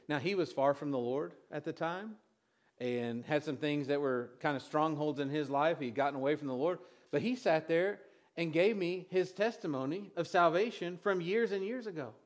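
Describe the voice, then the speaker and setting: Man preaching, halting storyteller. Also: high voice. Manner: storytelling, halting with many restarts. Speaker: pastor. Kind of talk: sermon.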